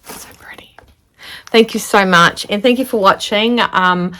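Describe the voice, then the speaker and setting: A woman, chatting casually to camera as she unboxes a gift of fabric, gushing and sometimes dropping into soft whispers. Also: mid-range voice, normal speed. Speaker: sewing vlogger.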